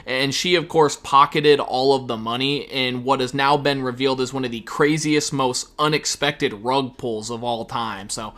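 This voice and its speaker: A man delivers sarcastic reaction commentary in a bright, sharp voice. He talks in a casual, profane way, throwing in mocking asides as he reacts. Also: medium pitch, fairly even intonation, moderate pace, hardly any pauses. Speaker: commentary YouTuber.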